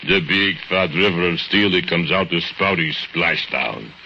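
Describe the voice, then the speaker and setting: A man's voice: deep voice, a little slow, gravelly, a little hiss or hum. An actor playing a drunken, brooding male foundry laborer who mutters in broken English and chuckles to himself, in 1940s radio-drama acting. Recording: dull lo-fi old radio recording with music.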